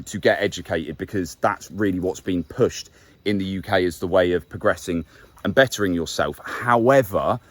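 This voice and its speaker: With a lowish voice and no echo, a young English YouTube host with a neutral middle-class accent talks to camera in a casual explainer. He stays conversational, corrects himself along the way, and leans hard on key words.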